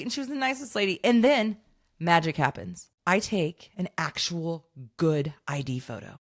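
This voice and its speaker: A woman co-hosting a podcast, telling an animated story in casual chat and acting out the voices of the people in it. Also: fairly low pitch, normal speed. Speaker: podcast co-host.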